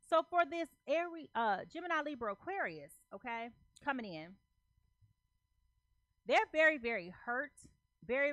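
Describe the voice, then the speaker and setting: A woman's voice: a little high, fairly bright tone, no echo. Emphatic woman tarot reader, dry sound. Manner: emphatic, repeats phrases, checks in with "okay?"; loose slangy talk. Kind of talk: casual tarot reading to camera.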